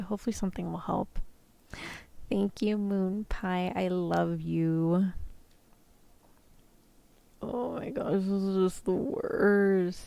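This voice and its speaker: A woman voicing a sick young human woman talking softly to her vampire boyfriend, in a whispered role-play. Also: medium pitch, vocal fry, no echo. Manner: soft, apologetic, affectionate. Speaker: vtuber.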